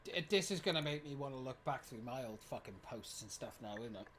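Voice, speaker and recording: A streamer in their twenties talks through a game, reading its text aloud and swearing freely. The voice swings widely up and down in pitch. Faint keyboard typing sits in the background. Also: lively intonation, fairly quick, a bit bright, slight background noise. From United Kingdom. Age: 20s. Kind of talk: live gameplay commentary.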